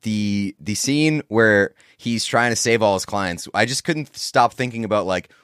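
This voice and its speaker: A man's voice: on the low side, a little slow, a bit bright, clear, resonant tone, no room sound. A man co-hosting a casual podcast about a movie, making dry, wry remarks. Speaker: podcast co-host.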